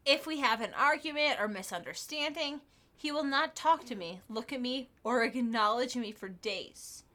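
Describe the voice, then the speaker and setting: A woman's voice: fairly high pitch, animated, moderate pace, sharp tone. A tipsy woman co-hosting a casual podcast, swearing, giggling and reading listener questions aloud. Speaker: podcast co-host. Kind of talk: casual drunk podcast chat.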